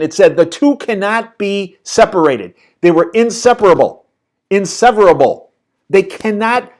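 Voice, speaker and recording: A man hosting a political commentary briefing, reading news items and then explaining them in an emphatic, combative way with sarcastic asides and frequent restarts. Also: on the high side. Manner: repeats and restarts words while driving a point.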